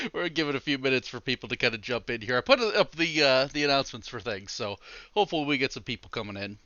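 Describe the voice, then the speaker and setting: A man hosting a casual livestream from his computer on a headset mic, chatty and easygoing with frequent soft laughs. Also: medium pitch, expressive, a little fast, long pauses, no room sound, dull audio. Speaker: streamer. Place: home room at his computer. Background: faint background music.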